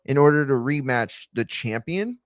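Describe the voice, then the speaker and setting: A man hosts a watch-along stream, chatting casually while rambling in a sarcastic, exasperated way. His medium-pitched voice is expressive and moves at normal speed, recorded at studio quality with no echo.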